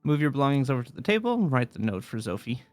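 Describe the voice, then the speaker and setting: A man's voice: medium pitch, big pitch swings, fast, darkish tone, no room sound. A man narrating a tabletop game as dungeon master, rambling with many fillers and restarts.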